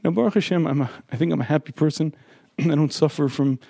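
A man with a fairly high, mellow voice delivers a Torah lecture in an earnest, emphatic teaching manner. He clears his throat again and again. The sound is close and dry. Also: fast, dry recording. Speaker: religious lecturer.

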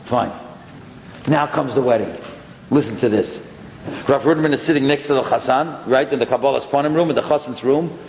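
Animated man telling a story in a hall. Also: mid-range voice, a little fast. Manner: animated, acts out dialogue. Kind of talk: storytelling talk. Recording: echoey hall with faint noise.

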